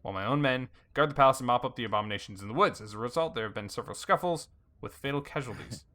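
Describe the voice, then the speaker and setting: A let's play host with a bright, medium-pitched voice races through a game, reading story text and dialogue aloud. His intonation is lively, and the casual narration includes fillers and small slips.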